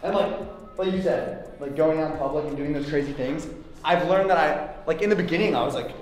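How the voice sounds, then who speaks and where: A young man hosting a vlog, chatting casually in a gym, loose and swearing, with loud bursts of hype. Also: fairly high pitch, brisk. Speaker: vlog host. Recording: echoey gym with music.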